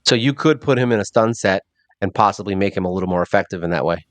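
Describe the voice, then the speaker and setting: A man with a low voice talks fast, with no echo, as host of a mobile game channel. His gameplay commentary is casual and rambling, full of thinking out loud and a self-mocking streak.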